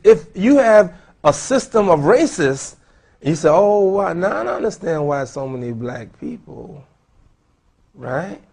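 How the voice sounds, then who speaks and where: A man speaking as an imam at a seminar, animated and questioning his audience. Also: fairly high pitch, gravelly, breathy edge. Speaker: imam lecturer. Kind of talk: seminar lecture. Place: lecture hall.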